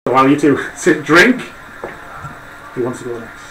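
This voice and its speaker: A man's voice: mid-range voice, animated, moderate pace. A man narrating as game master of a tabletop role-play game and voicing a curt, grumbling barman. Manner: voices a gruff, curt barman. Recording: echoey room with background noise.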